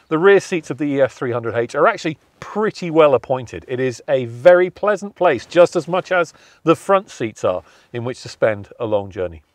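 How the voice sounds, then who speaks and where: A man's voice: medium pitch, dry recording. Man reviewing a car from inside it. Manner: measured and conversational, weighing pros and cons. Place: inside a car, partly while driving.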